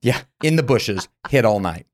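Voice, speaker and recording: A man's voice: medium pitch, lively intonation, moderate pace, dry recording. A man from Utah, a podcast guest, telling his story frankly with lots of filler words. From Utah, USA. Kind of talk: candid personal storytelling.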